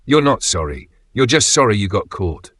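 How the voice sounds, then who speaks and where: A man reading the lines of a cold, vengeful woman in a dark narrated story, delivering measured threats. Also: lowish voice, very animated, no room sound.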